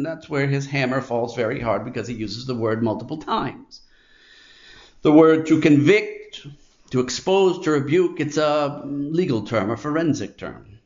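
A man's voice: a little high, roomy sound, lo-fi sound. A man preaching a sermon in an emphatic, declamatory way, stacking phrases with rising force.

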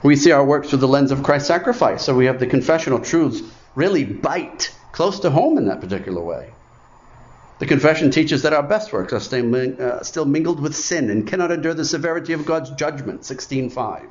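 A man's voice: medium pitch, animated, a little fast, darkish tone. A man preaching a sermon in an emphatic way, repeating phrases for effect. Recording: muffled, lo-fi sermon recording.

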